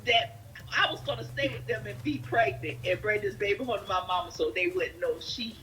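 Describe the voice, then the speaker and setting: A woman's voice: mid-range voice, brisk, a bit bright, rough recording. A woman speaking earnestly in a casual family conversation.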